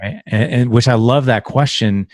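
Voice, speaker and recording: A man's voice: medium pitch, no room sound. A middle-aged man in casual conversation as a podcast guest, talking from home on a video call and animatedly acting out bits of family dialogue. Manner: animated, acts out family dialogue in quick voices. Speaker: podcast guest, fellow father.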